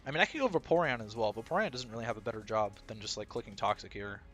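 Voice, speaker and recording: A man's voice: on the low side, racing, fairly bright tone, faint music behind. A man commentating his own competitive battle live, thinking aloud analytically with bursts of disbelief.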